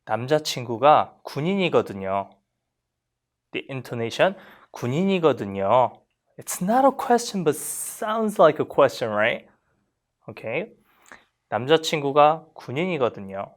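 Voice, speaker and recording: Lively-pitched Korean language teacher. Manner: models Korean phrases slowly for learners to repeat; lively, questioning classroom delivery. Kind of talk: explaining grammar to learners.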